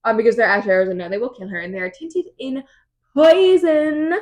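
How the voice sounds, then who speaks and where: Lively young woman recapping a book. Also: a little high. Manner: animated, quick storytelling with many fillers. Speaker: podcast co-host. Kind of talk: casual book recap chat.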